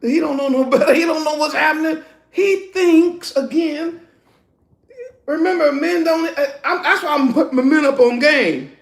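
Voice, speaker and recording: A man preaches a sermon at full volume, emphatic and laughing, with slangy street talk. His voice is high and gravelly. The sound rings around an echoing room. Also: normal speed. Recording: echoey room.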